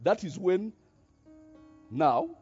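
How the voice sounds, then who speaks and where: Animated man preaching, husky voice. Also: high-pitched, very slow, muffled recording, faint music behind. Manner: animated, many rhetorical questions, tag "eh?". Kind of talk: sermon.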